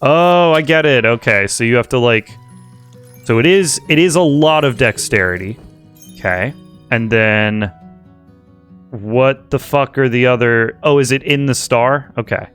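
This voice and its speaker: A man's voice: mid-range voice, a little slow, a bit bright, smooth, soft background music. A young man hosting a casual let's-play, chatting and thinking aloud with amused energy. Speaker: host playing a game.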